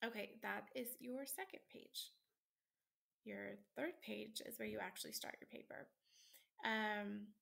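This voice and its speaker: In a screen-recorded lesson walkthrough, a tired female college instructor talks through a sample paper at home late at night, casual and chatty with many ums and likes. Her mid-range voice is creaky yet fairly bright.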